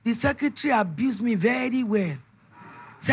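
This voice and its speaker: A middle-aged woman with a Nigerian accent, giving an emphatic, animated preaching testimony. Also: on the high side, normal speed. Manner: storytelling, emphatic, animated retelling.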